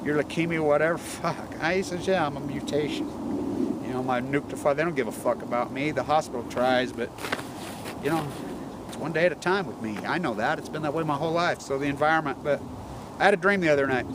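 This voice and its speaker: A man's voice: mid-range voice, quick pace. A man rambling outdoors about the environment, profane and agitated. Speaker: environmental activist. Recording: noisy outdoor recording with vehicle noise.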